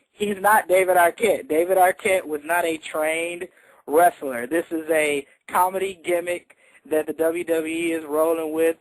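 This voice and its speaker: A man's voice: on the high side, no echo, low-quality recording. A man co-hosting a radio show, chatty and confident, often laughing as he answers quiz questions. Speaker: quiz contestant and co-host. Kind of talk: casual radio chat. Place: radio studio.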